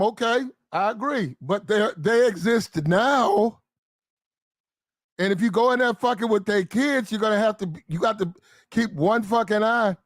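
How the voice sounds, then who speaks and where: A man giving animated storytelling commentary, full of slang. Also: sits high, a little slow, no room sound, clean studio sound.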